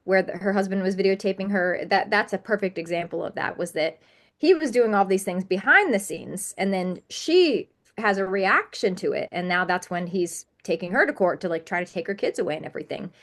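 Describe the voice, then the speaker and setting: A woman's voice: mid-range voice, expressive, a little fast. A woman talking as a podcast guest in a candid interview, earnest and emphatic, piling up repetitions.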